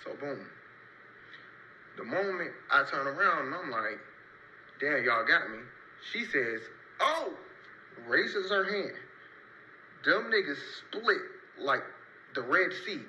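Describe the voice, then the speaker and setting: A young man telling a casual story-time tale in loose, rambling, slang-heavy talk, marking each turn with a quick "so boom.". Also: expressive, bright, forceful tone, muffled recording, slight background noise. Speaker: storyteller in a played clip.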